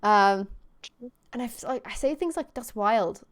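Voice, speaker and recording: A woman's voice: fairly high pitch, expressive, moderate pace. A young woman hosting a video game podcast, chatty and casual, laughing often and swearing freely. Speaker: podcast host.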